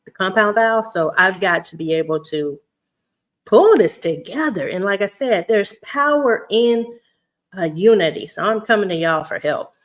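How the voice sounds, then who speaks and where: A chatty woman talks straight to her online viewers in a casual vlog. Her voice sits at an everyday middle pitch. She laughs often and leans into the conversation as if talking with friends. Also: expressive, normal speed. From Houston, Texas. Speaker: vlogger.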